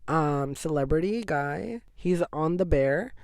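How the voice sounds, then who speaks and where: A man's voice: on the high side, expressive, takes it slowly, gravelly, a little mellow, no room sound, clean studio sound. A young man hosting a casual solo podcast, sick with a cough and sore throat, rambling and saying "like" all the time. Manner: rambling, says "like" constantly. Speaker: podcast host.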